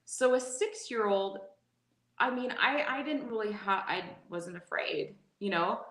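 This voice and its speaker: Animated woman guest in an echoey room. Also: mid-range voice, a little slow. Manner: animated, laughing, frequent restarts. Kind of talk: casual storytelling interview.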